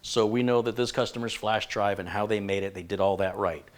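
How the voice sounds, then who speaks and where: Rambling lower-voiced male tech host. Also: steady tone, a little fast. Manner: thinks aloud, rambling with self-corrections. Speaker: computer repair host. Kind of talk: live-stream tech diagnosis and chat.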